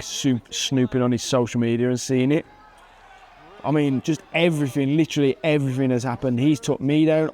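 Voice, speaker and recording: A man in his thirties talks over fight footage in a relaxed, casual way. His voice sits at a middling pitch with a warm, mellow tone. He chuckles at himself often and breaks into excited bursts at the big moments. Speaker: MMA fighter and channel host.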